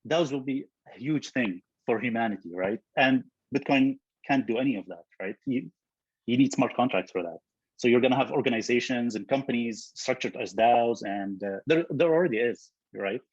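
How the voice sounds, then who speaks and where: A man, a software co-founder, talking in a casual interview, thoughtful and full of fillers and restarts. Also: mid-range voice, normal speed, breathy edge, no echo, highs cut off.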